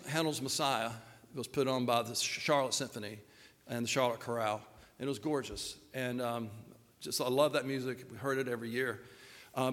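A man's voice: mid-range voice, a bit bright, in a large hall. An older man, a pastor giving a personal, earnest sermon with hesitant fillers.

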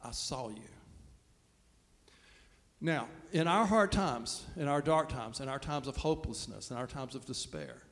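A man's voice: medium pitch, big pitch swings, measured pace. A man preaching a sermon as pastor, talking in a conversational, self-deprecating way. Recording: long reverb of a large hall.

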